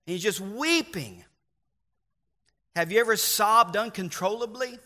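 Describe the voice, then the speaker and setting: High bright-voiced male preacher. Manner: earnest preaching with slow emphatic stresses and repetition. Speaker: pastor. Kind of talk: sermon. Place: church.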